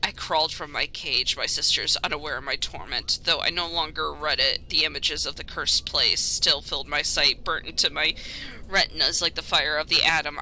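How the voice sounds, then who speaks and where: A woman voicing an eerie creature in thrall to a dark king, with low, measured, solemn delivery. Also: a little hiss or hum, poor audio.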